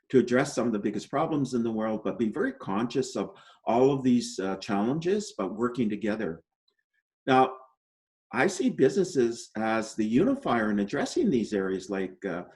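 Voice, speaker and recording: Low-voiced man, measured interview guest. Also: darkish tone. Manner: measured, peppered with "you know" and "right?"; optimistic explainer. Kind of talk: conversational interview answers.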